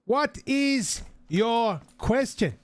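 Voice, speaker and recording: A man voicing a friendly barman in a joke, speaking slowly and over-enunciated. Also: extremely high pitch, expressive, pitched above the performer's own voice, exaggerated voice.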